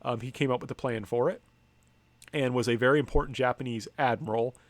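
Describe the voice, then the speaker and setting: A man's voice: mid-range voice, steady tone, a little fast, no room sound. A man giving a lecture from slides, speaking conversationally with frequent ums, restarts and wry asides. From United States. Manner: conversational, hesitant, many ums and self-corrections.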